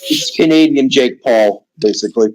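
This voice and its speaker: A man's voice: medium pitch, normal speed, darkish tone, low-quality recording. A man hosting a casual online chat, rambling and steering the talk from topic to topic. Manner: rambling, restarts and hedges, leads the talk. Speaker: podcast host.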